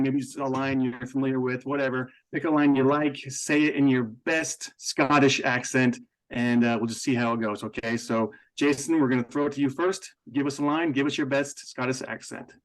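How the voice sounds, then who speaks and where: A man's voice: mid-range voice, fairly even intonation, moderate pace, low-quality recording. A man co-hosting a podcast, bantering in a playful, easygoing way. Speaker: podcast co-host. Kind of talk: casual podcast chat.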